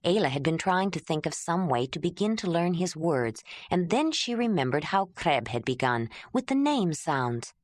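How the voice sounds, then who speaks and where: A woman narrating a novel as an audiobook in a measured, even storytelling manner. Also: fairly low pitch, no room sound, studio quality. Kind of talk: scripted narration.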